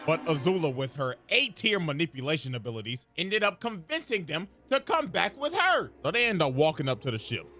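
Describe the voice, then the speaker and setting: A man's voice: on the high side, big pitch swings, a little fast, few pauses, bright, forceful tone. A young man giving a profane, joking recap of a cartoon full of slang. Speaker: video host. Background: music.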